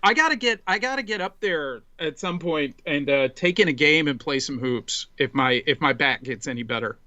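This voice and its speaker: Bright, high-voiced man telling a rambling story. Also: moderate pace, no room sound, lo-fi sound. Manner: animated, rambling storyteller with many restarts. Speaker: podcast guest. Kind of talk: casual storytelling chat.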